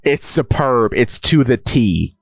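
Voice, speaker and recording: Guy on a podcast rambling thru a recap, lots of restarts, mid-pitched, dry close mic. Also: expressive, slow, vocal fry, breathy edge, no room sound. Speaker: podcast co-host. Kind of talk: casual chat.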